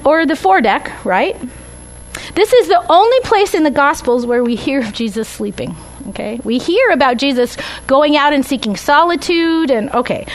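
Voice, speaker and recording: A woman's voice: high voice, poor audio. A woman teaching a Bible study class with slides, talking conversationally and often checking in with "right?" and "okay?".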